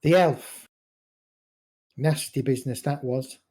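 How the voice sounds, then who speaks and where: A game master voicing a goblin chief who speaks in a plain, measured way. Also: medium pitch, dark tone. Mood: matter-of-fact. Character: goblin chief, gruff and matter-of-fact.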